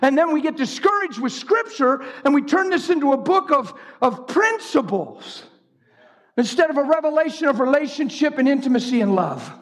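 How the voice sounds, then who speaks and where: A man preaching a sermon in an animated way, swinging from high shouts down to low storytelling. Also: normal speed. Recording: long hall reverb.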